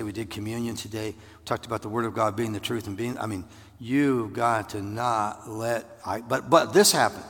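A man in his sixties preaching a conversational, animated sermon, his husky voice carrying in a church sanctuary. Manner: conversational, animated, with jumps into falsetto for acted voices. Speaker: pastor. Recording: long reverb of a large hall.

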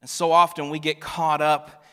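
A man's voice: a little high, little pitch movement, moderate pace, clean tone. Man preaching in a reverberant hall. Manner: emphatic, shifts from loud declarations to quiet near-whispers. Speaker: pastor. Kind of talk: sermon. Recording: long reverb of a large hall.

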